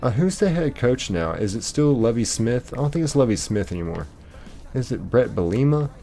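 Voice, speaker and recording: A man's voice: medium pitch, very animated, normal speed, dark tone, soft background music. An American man hosting a livestream, reading out viewer comments and answering them in a rambling, casual way with many fillers. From United States. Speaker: livestream host.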